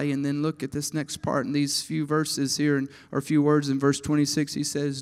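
A man preaching a sermon at a conference, swinging from hushed lines to shouts and asking the crowd to raise hands. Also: a little high, flat delivery, normal speed, few pauses. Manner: talks with the crowd, asks for hands. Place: conference hall.

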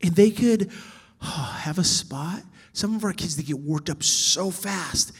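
A man with a fairly high, breathy-edged voice instructs church workers on children's ministry. His delivery is animated, moving from loud, emphatic moments to quiet whispers.

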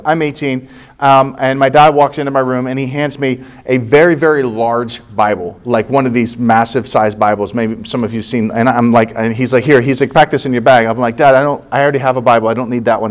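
A man in his forties, from the United States, preaching by telling a story from his own life. He acts out each person's lines and laughs at the funny parts. His voice sits at an ordinary middle pitch. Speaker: pastor. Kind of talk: sermon storytelling.

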